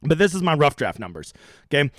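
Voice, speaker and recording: A man's voice: a little high, sing-song, fast, fairly bright tone, no room sound, clean studio sound. A brash young man hosting a profane, rambling live stream about fantasy golf strategy.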